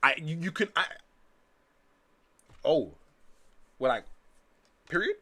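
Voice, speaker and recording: A man reading a manga aloud on a stream, joking and chatting between panels with animated bursts. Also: fairly high pitch, slow pace, dry recording. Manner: animated, jokey, breaks into loud excited bursts.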